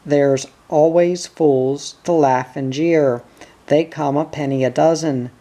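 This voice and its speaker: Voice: mid-range voice, fairly even intonation, slow pace, mellow, close to an everyday voice. A reader voicing a fierce, scornful woman. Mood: angry. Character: fierce loyal woman friend.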